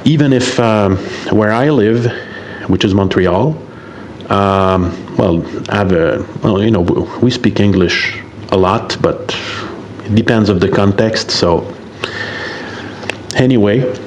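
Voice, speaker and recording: Halting French-Canadian man in his fifties. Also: lowish voice, slight background noise. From Quebec, Canada. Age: 50s. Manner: halting, hesitant, many fillers, apologetic. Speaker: guest sending a recorded message to a radio show. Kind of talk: self-recorded voice message.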